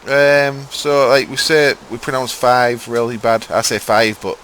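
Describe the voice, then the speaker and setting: A man's voice: mid-range voice, level tone, a little slow, a bit bright, a little hiss or hum. A young man with a mild Hull accent from East Yorkshire, chatting casually and muttering to himself while streaming a game. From Hull, East Yorkshire, England. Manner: rambling, mumbles to himself while playing, swears casually. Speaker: gaming streamer. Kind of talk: casual gameplay commentary chatting with live chat.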